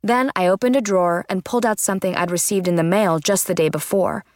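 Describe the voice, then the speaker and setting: A woman narrating a children's chapter book in the first person, with a lively, expressive delivery. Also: lowish voice, quick pace, no room sound, clean studio sound. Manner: lively, expressive reading with character voices. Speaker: audiobook narrator.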